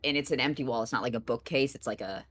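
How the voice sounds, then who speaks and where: A woman's voice: extremely low pitch, fast, a bit bright, dry recording. A woman playing a tabletop game, asking questions and thinking aloud in casual, giggly chat. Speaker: player.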